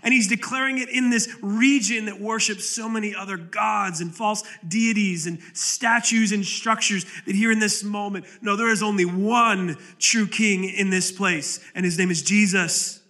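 A man preaching a sermon as pastor, passionate and dramatic, dropping to low, quiet lines for emphasis and acting out quoted pleas. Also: fairly even intonation, normal speed, hardly any pauses. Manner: impassioned preaching with sudden drops to low, quiet delivery; acts out quoted pleas with rising intensity. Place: church sanctuary.

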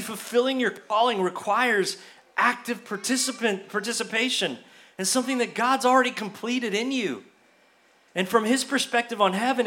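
Male pastor, high bright voice, lively church sermon that dramatizes the excuses he quotes. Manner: animated preaching, acts out quoted excuses in a higher voice. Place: church sanctuary.

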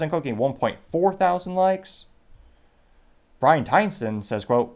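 His voice leans high and darkish, expressive and a little slow. He's an American hosting a political commentary podcast alone, rambling and breaking off mid-sentence while reading comments from listeners aloud.

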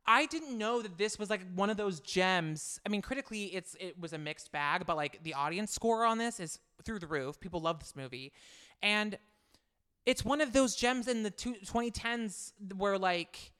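A man's voice: high-pitched, expressive, normal speed, bright, forceful tone, clear, resonant tone. A man co-hosting a film podcast, chatting casually and enthusiastically in a rambling way. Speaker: podcast co-host. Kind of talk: casual chat.

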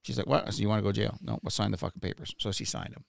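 A man's voice: lowish voice, steady tone, rapid-fire, gravelly, dry recording. Blunt, profane man telling a story. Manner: profane, blunt, stammers and repeats when worked up. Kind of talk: casual podcast storytelling.

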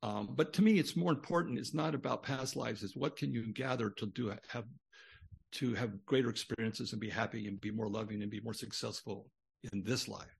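A man's voice: medium pitch, a little fast, creaky, husky. An older man, a guest on a podcast interview, telling a long personal story in a rambling way with many restarts.

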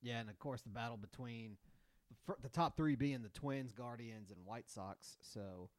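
A man's voice: medium pitch, moderate pace, dry recording. A man with a mid-range voice co-hosts a casual sports podcast. He jokes dryly, swears and pokes fun at himself. The recording is dry and close. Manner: wry, profane, self-deprecating. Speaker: podcast co-host.

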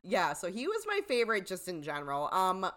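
A young woman co-hosts a casual podcast with a wry, blunt humor and an easy habit of swearing. Her voice sits on the lower side yet moves around a lot in pitch. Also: wildly swooping pitch, brisk, a bit bright. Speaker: podcast co-host. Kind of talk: casual chat.

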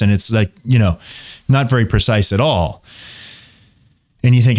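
A man's voice: fairly low pitch, animated, normal speed, pauses often, a little mellow. A young man hosting his own show, delivering an explanatory commentary monologue with frequent fillers and restarts. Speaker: show host.

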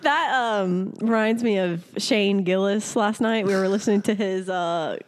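A woman's voice: mid-range voice, unhurried, a little hiss or hum. A woman co-hosting a podcast in casual chat, blunt and sarcastic, laughing often. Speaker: podcast co-host.

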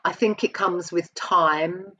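Woman, interview guest, breathy voice, candid and reflective, dull lo-fi sound. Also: on the low side, steady tone, takes it slowly, sharp tone. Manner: open and reflective, often restarting sentences.

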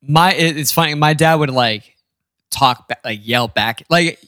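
A man's voice: fairly high pitch, a little slow, dry recording, clean studio sound. Young man telling family stories. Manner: animated storytelling, quotes family in put-on voices, laughs often. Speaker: podcast co-host. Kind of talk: casual chat.

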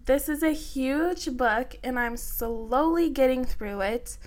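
A young woman hosting a podcast, chatting casually with lots of fillers and excited, emotional gratitude. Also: high voice, takes it slowly. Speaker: podcast host. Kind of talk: casual chat.

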